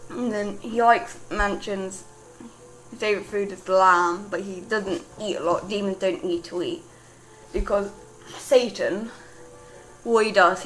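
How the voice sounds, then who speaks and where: A young British woman talks about her own character in a loose, rambling way. She leans on "like" and often restarts her sentences. Her voice sits in a middle pitch, with faint music underneath. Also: fairly bright tone, poor audio. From Britain. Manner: rambling, lots of "like" fillers and restarts. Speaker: writer discussing her character. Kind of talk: casual rambling monologue.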